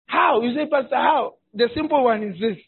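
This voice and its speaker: High-voiced pastor, tinny sound. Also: male voice, normal speed, gravelly, slightly rough. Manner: animated and humorous, shouting for emphasis. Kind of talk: sermon.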